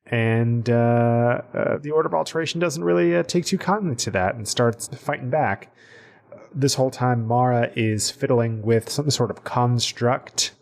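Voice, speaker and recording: A man who is the game master of a podcast, recapping the last game session haltingly with many fillers. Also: medium pitch, gravelly.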